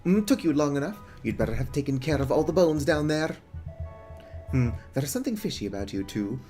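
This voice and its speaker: A man's voice: on the high side, big pitch swings, fairly quick, mellow, soft background music. A man voicing a bossy male prison guard who barks orders and taunts the inmates in a game. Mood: scolding.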